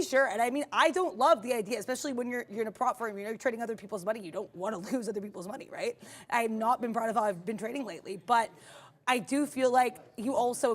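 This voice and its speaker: A woman co-hosting a live trading stream, upbeat and chatty, often laughing as she talks through her trades. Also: fairly high pitch. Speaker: day trader co-host.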